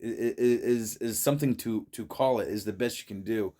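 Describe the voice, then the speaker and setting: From inside a friend's shed, a vlogger reacts to a video in a loose, rambling, profane monologue, tripping over words and repeating them as he restarts. He swears a lot and keeps laughing, in a lowish, mellow voice at a fairly quick pace.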